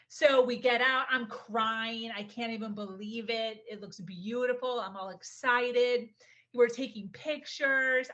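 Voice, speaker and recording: A young adult woman telling a personal story in a casual, animated way, often saying "like" and acting out what people said. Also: on the high side. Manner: animated, acts out quotes, says "like" often. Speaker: podcast guest.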